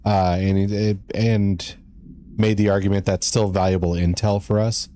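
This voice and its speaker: Low mellow male streamer chatting. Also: little pitch movement, moderate pace, a little hiss or hum. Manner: chatty, reads game letters aloud, greets chat. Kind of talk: casual live-stream commentary.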